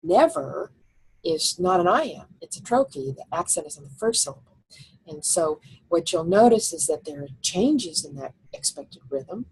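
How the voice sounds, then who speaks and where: A woman's voice: on the low side, very animated, moderate pace, darkish tone, slightly rough, rough recording. A woman teacher giving a recorded slide lecture, explaining step by step and thinking aloud with fillers.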